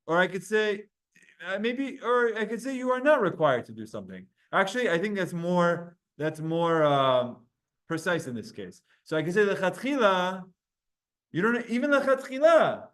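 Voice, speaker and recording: A man teaching a Talmud class online, energetic and quick, putting questions to his students. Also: sits high.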